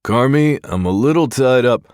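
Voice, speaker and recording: A man narrating an audiobook who voices a gruff, possessive tough guy who grunts his replies. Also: mid-range voice, animated, normal speed, darkish tone, dry recording, studio quality, pitched above the performer's own voice, close to an everyday voice.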